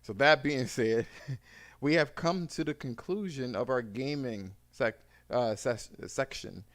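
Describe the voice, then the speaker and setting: A man's voice: medium pitch, slow, a bit bright. Laid-back man hosting a podcast. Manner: laughing, swearing banter. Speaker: podcast host. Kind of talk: casual podcast chat.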